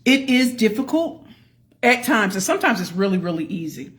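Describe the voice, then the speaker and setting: A woman hosting a casual live stream as a pitch coach, greeting viewers by name and calling out to the audience as y'all. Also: sing-song, normal speed. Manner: folksy, addresses the audience as y'all.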